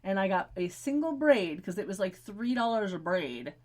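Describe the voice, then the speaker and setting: A woman's voice: medium pitch, sing-song, moderate pace. Chatty woman podcast co-host. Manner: rambling, frequent "like" fillers, drops quiet for stories. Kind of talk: casual chat recapping a TV episode.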